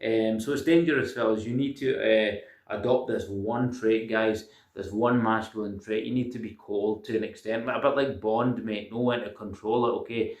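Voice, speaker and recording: Lecturing low-voiced man in echoey room. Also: steady tone, moderate pace, a little mellow, far from the mic. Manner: insistent, lecturing, constantly says "guys"; hesitant, many ums and uhs. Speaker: self-improvement vlogger. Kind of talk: casual monologue to camera.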